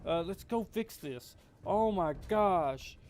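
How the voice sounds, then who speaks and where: A young man hosting his gaming channel, rambling to himself as he plays and quickly getting alarmed. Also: high voice, expressive, a little mellow, a little hiss or hum. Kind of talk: game commentary.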